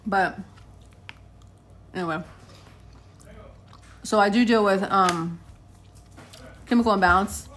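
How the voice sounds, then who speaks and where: A woman in her late thirties talks casually to her viewers from home, with a bright, forward voice that sits in a middle pitch. She tells her stories in a chatty way and acts out both sides of arguments. There is a faint hiss of background noise behind her. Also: slow pace, pauses often. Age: late 30s. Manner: chatty storytelling, addresses viewers as guys, acts out quotes. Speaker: vlogger. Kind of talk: casual chat to camera.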